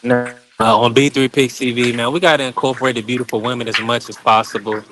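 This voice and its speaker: A man hosting a casual livestream panel, relaxed and laughing, throwing out shout-outs in slang. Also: medium pitch, fast talker, music in the background. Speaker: host.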